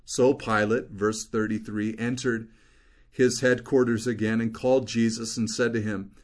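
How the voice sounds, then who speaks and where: A man's voice: mid-range voice, little pitch movement, moderate pace. A man preaching an expository sermon as a pastor, earnestly explaining scripture verse by verse.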